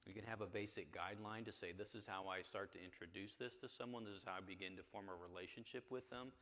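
Deep-voiced man teaching a church group. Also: steady tone, quick pace, a bit bright, in a large hall. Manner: conversational, asks the group questions. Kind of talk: interactive Bible class talk.

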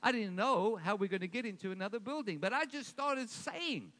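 A man's voice: high voice, lively intonation, a little fast, fairly bright tone. A man preaching a sermon as pastor, emphatic, with call-and-response to his congregation.

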